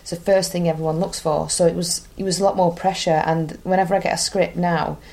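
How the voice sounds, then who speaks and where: A young woman from northern England with a Bury accent, chatting as an interview guest, animated, with quick restarts. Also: lowish voice, gravelly. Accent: northern English, Bury. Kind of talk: casual interview chat.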